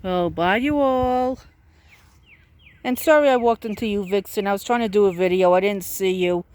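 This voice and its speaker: A woman films farm animals outdoors and chats to them in a coaxing, baby-talk tone. Her voice sits at an ordinary pitch and comes through close and dry on a handheld camera. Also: moderate pace, darkish tone, no room sound. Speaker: vlogger filming farm animals. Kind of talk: casual talk to animals while filming.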